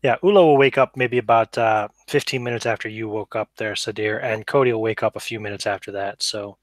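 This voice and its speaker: A man's voice: lowish voice, fairly even intonation, brisk, dry recording. Easygoing man running the game, dry sound. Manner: easygoing, explaining at length. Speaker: game master. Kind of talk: casual tabletop game talk.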